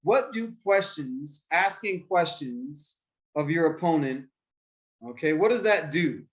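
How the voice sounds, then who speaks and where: A man teaching young students about debate in a lively way, asking them questions and acting out examples. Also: on the high side, slow, rough recording. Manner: lively, asks the class questions and acts out examples. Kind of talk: explaining debate skills to children.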